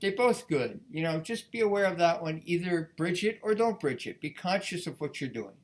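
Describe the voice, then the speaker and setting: A man giving a casual violin lesson, talking in a relaxed, rambling way with frequent restarts. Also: fairly high pitch, moderate pace, faint music behind. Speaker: violin teacher.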